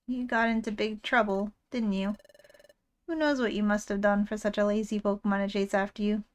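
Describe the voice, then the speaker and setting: A woman voicing a lonely, grieving psychic creature from a game who is gentle and protective, reading its lines in an earnest, soft-spoken way. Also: medium pitch, steady tone, fairly quick, voice pushed down, lightly acted. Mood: tender, worried. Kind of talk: reading game dialogue aloud.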